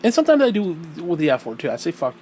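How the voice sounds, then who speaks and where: A man's voice: a little high, racing, a little hiss or hum, poor audio. A man hosting his own show, talking bluntly and profanely in a casual opinion monologue, pushing his voice up when indignant. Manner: blunt and profane, emphatic swearing; animated, voice rising when indignant. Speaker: podcast host.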